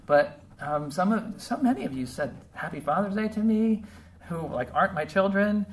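A man preaching a heartfelt, conversational sermon to his congregation, pausing often with fillers. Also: high voice, lively intonation. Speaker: pastor. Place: church service. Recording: distant mic with faint background noise.

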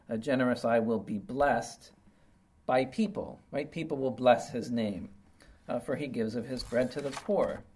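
A man's voice: medium pitch, a little mellow. A man teaching an informal Bible study lesson. He talks in a plainspoken way, explains each verse with everyday examples and keeps checking in with "right?" and "okay?".

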